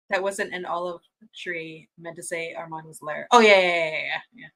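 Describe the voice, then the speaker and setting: Gushing, bright-voiced woman streamer. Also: lowish voice, rough recording. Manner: gushing and excitable, laughs often, restarts mid-sentence. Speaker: host of a fan watch-party stream. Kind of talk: casual livestream chat, reading viewer comments.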